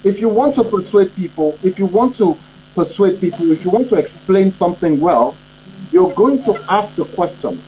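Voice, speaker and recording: High-voiced man giving an emphatic lesson. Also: animated, moderate pace, dark tone. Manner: emphatic, repetitive, asks "you understand?". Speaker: communication trainer and coach. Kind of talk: instructional talk. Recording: dull lo-fi audio with faint electrical hum.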